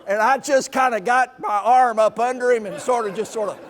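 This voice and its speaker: Lively man lecturing in a reverberant hall. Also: extremely high pitch, fairly quick. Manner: lively storyteller acting out quoted people. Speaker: stewardship seminar presenter. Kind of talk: seminar lecture with anecdotes.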